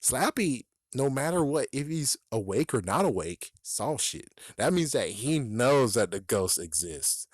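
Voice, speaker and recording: A man reviewing a book, ranting in an exasperated way, swearing often and laughing a lot, his voice shooting up high when he is outraged. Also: sing-song, measured pace, hardly any pauses, no room sound, clean studio sound.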